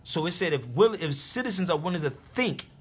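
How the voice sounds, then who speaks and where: A husky man lectures on a live stream, hammering home his points and repeating them. His fairly high voice rises and falls in a lively way. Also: brisk. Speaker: internet radio host.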